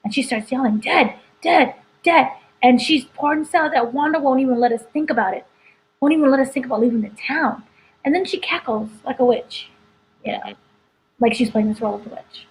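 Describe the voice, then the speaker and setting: An entertainment editor talks casually through a spoiler review of a TV episode, rambling with plenty of "like" and "you know." Her voice sits high and brisk with a darkish tone, and the recording is rough.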